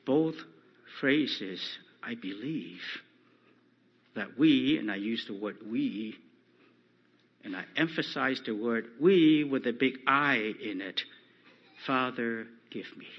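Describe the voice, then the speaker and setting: A man delivering a sermon in a slow, deliberate way, his voice a little husky. He swells loud on quoted verses, and the recording sounds dull and lo-fi. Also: mid-range voice, animated. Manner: slow, emphatic, rising loud on quoted scripture. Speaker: preacher.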